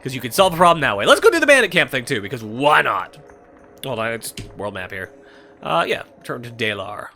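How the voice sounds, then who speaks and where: A young man giving irreverent let's-play commentary, animated and swearing freely. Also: mid-range voice, brisk, creaky, soft background music. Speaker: gameplay commentator.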